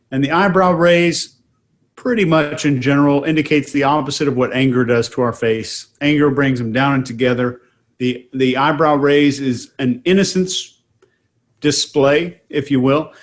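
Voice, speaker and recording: A man on a casual online panel, steadily explaining facial cues. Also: on the high side. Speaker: body language analyst.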